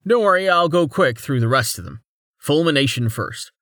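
A man's voice: a little high, expressive, normal speed, fairly bright tone, no room sound, studio quality, pitched above the performer's own voice. A man voicing a curious, playful young male mage who thinks aloud in a fantasy audiobook.

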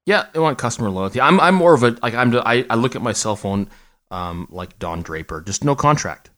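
A man's voice: medium pitch, expressive, brisk, a bit bright. A middle-aged man co-hosting a podcast, chatting casually with jokes and a lot of restarts. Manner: rambling, joking, many restarts. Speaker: podcast co-host. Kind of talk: casual chat.

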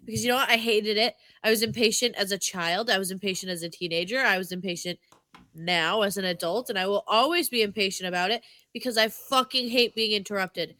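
A woman's voice: mid-range voice, a little fast, pushed and bright, no room sound. A woman co-hosting a podcast in casual chat, teasing and impatient, swearing freely. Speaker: podcast co-host.

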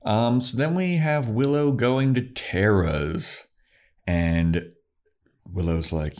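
Casual recap co-host, very low voice, loose and slangy. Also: male voice, slow, darkish tone. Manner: loose, slangy storytelling with swearing. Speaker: podcast co-host. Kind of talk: casual episode recap chat.

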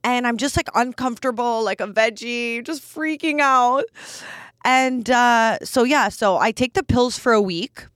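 A young woman, host of a casual podcast, talks fast and candidly with a fairly high voice. She leans on filler words as she tells her stories, and the sound is dry and close, with no room around it. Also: fairly even intonation, fairly bright tone, no echo. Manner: chatty, candid, quick, full of "like" fillers. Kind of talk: casual storytelling chat.

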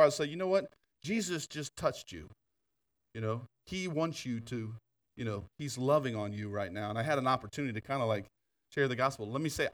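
A man preaching in a church, telling stories with laughs and asides, then turning quieter to lead an altar call. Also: mid-range voice, recorded from a distance. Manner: animated storytelling with laughter and asides. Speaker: pastor. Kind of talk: sermon. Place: church sanctuary.

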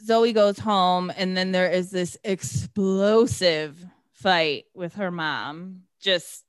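A woman's voice: fairly low pitch, slow, smooth, dry recording, clean studio sound. A woman co-hosting a podcast, recapping a movie in casual chat, sarcastic and swearing as she acts out the characters' lines. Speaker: podcast co-host.

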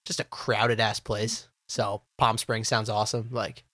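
A man's voice: lowish voice, level tone, unhurried, bright, forceful tone, no echo, clean studio sound. A man hosting a casual podcast who asks laid-back questions padded with filler words. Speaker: podcast host.

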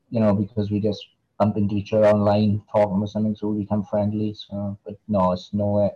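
A man's voice: lowish voice, muffled recording. A man with a Welsh Valleys accent, an author answering interview questions in a hesitant way, with lots of fillers and repeated words. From Wales. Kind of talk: casual interview chat.

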